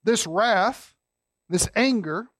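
A man preaching a sermon as a pastor, folksy and emphatic, dropping low and quiet to stress a point. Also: animated, slow, dry recording, clean studio sound.

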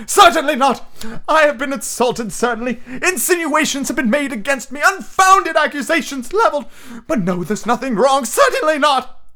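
A man voicing a tearful, theatrical old female fortune-teller in a wavering, melodramatic falsetto. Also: animated, normal speed, bright, forceful tone, exaggerated voice. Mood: indignant. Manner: wavering, melodramatic, quavering wail.

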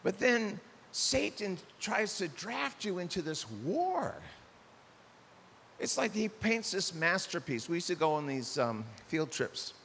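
An older man delivers a lively sermon, his voice sitting a little high for a man. He jumps into small acted-out exchanges, and a long reverb and a faint hiss trail behind every phrase. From United States. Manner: animated, acts out dialogue in shifting voices. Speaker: pastor.

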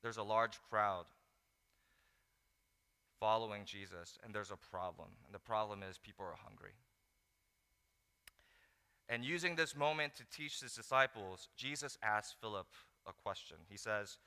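Man, pastor, sermon, bright forceful voice, smooth, echoing hall. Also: on the high side, normal speed, pauses often. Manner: animated storytelling, acts out disciples in mock voices. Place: large hall. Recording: echoey hall.

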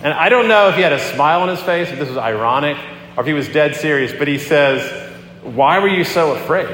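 A male pastor gives a sermon in a relaxed, conversational style, acting out the quotes as he tells the story. His voice sits a bit high for a man. It rings through a big echoey hall with a long reverb tail and a faint hum of room noise behind it. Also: fast.

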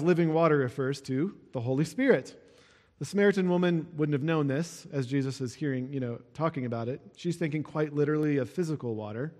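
A male pastor preaching in a relaxed, conversational way, with a voice pitched a little higher than most men's. The sound carries a long reverb, as if recorded in a large hall. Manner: explains verses with a casual, conversational aside. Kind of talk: sermon.

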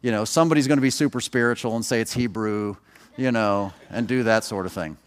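A man's voice: lowish voice, fairly quick, smooth. A man, a pastor, preaching a sermon in a conversational way, with personal stories and joking asides to the congregation.

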